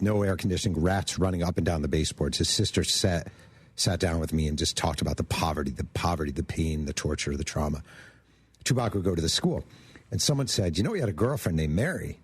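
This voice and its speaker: Low husky man telling a story. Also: fairly quick, no echo. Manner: animated storyteller acting out quoted voices. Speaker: author guest. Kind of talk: storytelling interview.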